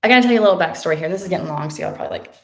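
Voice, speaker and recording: A woman's voice: on the low side, lively intonation, rapid-fire, reverberant, noisy background. A woman in her thirties, chatting casually to the camera as she tells a personal story, full of fillers and acted-out quotes. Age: 30s. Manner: chatty, emotional, many fillers, acts out quotes. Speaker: vlogger.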